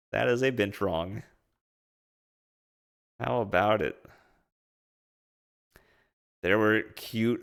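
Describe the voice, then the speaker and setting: A man with a fairly low voice chats casually over his travel photos, tossing out amused, goofy remarks. He sounds relaxed, recorded indoors. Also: clear, resonant tone. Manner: playful and amused, drawn-out silly asides. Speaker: vlogger recapping a trip. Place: indoors at home streaming.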